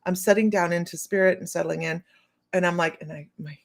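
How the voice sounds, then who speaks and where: A middle-aged woman hosting a psychic livestream, telling a long story in a rambling, casual way with many restarts and quick hellos to viewers. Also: fairly low pitch, steady tone, vocal fry. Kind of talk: casual chat.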